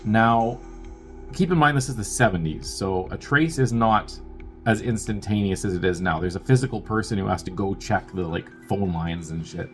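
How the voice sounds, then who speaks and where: A man's voice: on the low side, normal speed, faint music behind. Rambling young man recapping a movie. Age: young adult. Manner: rambling and profane, with wry asides and filler words. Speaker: movie review host. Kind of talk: casual spoken film recap.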